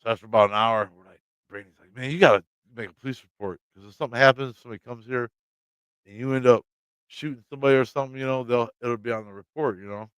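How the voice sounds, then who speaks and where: Midwestern man, livestream host, loose rambling storyteller, smooth clear voice, dry close sound. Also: mid-range voice, quick pace, fairly bright tone, dry recording. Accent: American Midwestern. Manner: rambling, swears freely, laughs often. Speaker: channel host talking to live chat.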